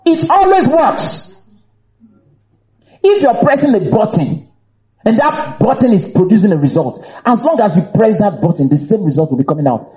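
A man preaching a sermon, emphatic and animated. He repeats phrases for emphasis and breaks into shouts and laughs. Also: high voice, fairly quick, highs cut off.

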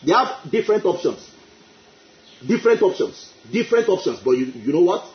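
Lively high-voiced male preacher. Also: normal speed. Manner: emphatic, repeats phrases, exclaims praise. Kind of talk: sermon. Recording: echoey, dull lo-fi.

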